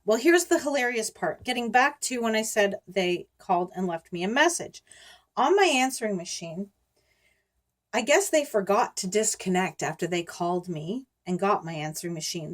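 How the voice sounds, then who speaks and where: A middle-aged woman with a slightly high voice chatting to camera as a YouTuber. She rambles, circles back on herself and laughs between words while telling a story. Her talk is casual and loose. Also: lively intonation, moderate pace. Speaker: YouTuber warning viewers about scammers.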